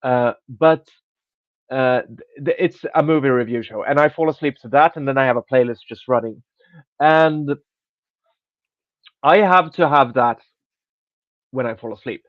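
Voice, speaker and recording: A man's voice: mid-range voice, unhurried, pauses often, dry recording. A man telling a rambling story in casual podcast chat as host, restarting sentences and swearing offhandedly. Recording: dry, dull lo-fi sound.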